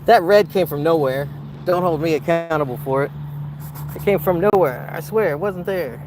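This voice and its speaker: Working en plein air in a field of wildflowers, this painter rambles playfully and wryly to his audience as he paints. He speaks at a moderate pace in a slightly high voice, with background noise present.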